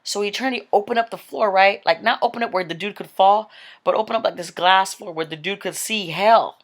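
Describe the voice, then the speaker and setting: A woman's voice: medium pitch, brisk. A woman giving a casual, rambling spoken testimony about a vision, full of "like" and "um". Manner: chatty, rambling, with frequent "like" and "um". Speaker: Christian speaker telling a vision.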